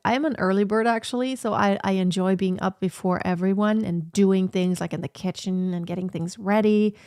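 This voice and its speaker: A woman's voice: mid-range voice, no echo, studio quality. A woman in her thirties chatting casually and reflectively on a sit-down livestream from her home office, with lots of fillers. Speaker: vlogger.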